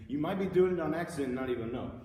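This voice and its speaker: A man's voice: a little high, animated, rapid-fire, mellow, a little hiss or hum. Man teaching, echoey distant room. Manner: casual, upbeat explaining. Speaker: music teacher. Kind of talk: instrument tutorial.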